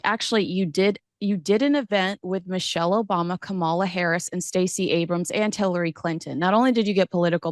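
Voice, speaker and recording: A woman's voice: lowish voice, no echo. Woman host for casual commentary: wry, rambling, critical, dry sound.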